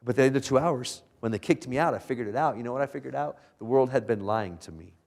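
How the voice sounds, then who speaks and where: A man speaking as a guest lecturer to college students in a lecture room, animated, firing rhetorical questions at the audience and chuckling often. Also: medium pitch, fast talker. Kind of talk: motivational lecture.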